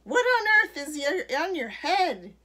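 Woman doing a shrill, shouting snooty lady. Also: sing-song, measured pace, exaggerated voice. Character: loud bossy snooty older woman.

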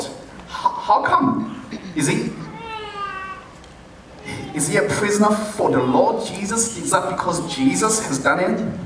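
Brief: man pastor preaching slowly and playfully in a big echoey church hall, heard from a distance. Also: high-pitched, animated, slight background noise. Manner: deliberate, playful, chuckles while preaching. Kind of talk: sermon. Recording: very echoey hall, mic far off.

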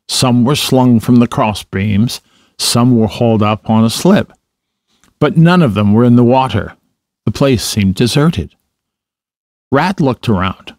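A man reading a children's story aloud in a clear, steady storytelling manner. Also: lowish voice, dry recording, studio quality. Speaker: storybook reader.

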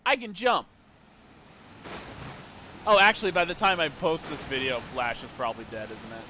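A man's voice: a little high, moderate pace, pushed and bright, slight background noise. A young man casually commenting while playing a video game, rambling and wistful with sudden playful outbursts. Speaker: gameplay streamer.

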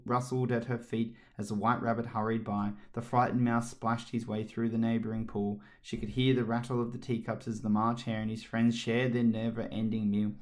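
A man narrating a children's story aloud with a steady, expressive read and the odd slip. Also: mid-range voice. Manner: steady, expressive reading with small slips.

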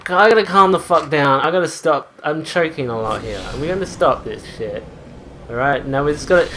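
A woman doing gameplay commentary, swearing constantly and swinging between furious yelling and low muttering. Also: moderate pace. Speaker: gamer playing a shooter. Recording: loud game noise behind the voice. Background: game gunfire and ambience.

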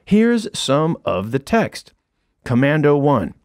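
A middle-aged man narrates his own humorous audiobook in a wry, dry way, landing each punchline with timing. His voice sits a little high for a man and swings widely up and down. The close studio sound is dead dry, with no room around it. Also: sing-song, measured pace, no echo. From United States. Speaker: author and comedian narrating his book. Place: recording studio.

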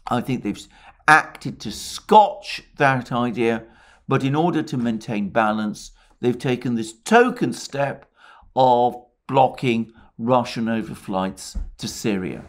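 A man giving a solo spoken analysis of current affairs, measured and explanatory, sometimes restarting a phrase. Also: mid-range voice. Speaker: political commentator.

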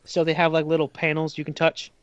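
Laid-back dungeon master, dry sound. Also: male voice, a little high, monotone, fast, smooth, dry recording, muffled recording. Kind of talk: casual tabletop game narration.

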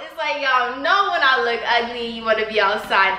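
A woman's voice: fairly high pitch, brisk, few pauses, sharp tone, distant mic. Chatty young woman, casual home vlog, roomy off-mic phone audio. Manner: chatty, bubbly, talks straight to viewers. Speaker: vlogger. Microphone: phone on tripod.

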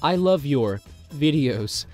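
A man hosting his channel, reading viewer comments aloud in a flat, deadpan way with dry asides. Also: fairly high pitch, slow, soft background music.

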